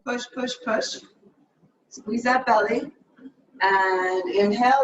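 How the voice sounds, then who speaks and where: Upbeat yoga teacher cueing from far off. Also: female voice, fairly high pitch, lo-fi sound, a little hiss or hum. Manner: upbeat, cueing briskly with jokes. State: a little out of breath. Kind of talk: live class instruction. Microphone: camera mic at a distance. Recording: echoey room, from far off.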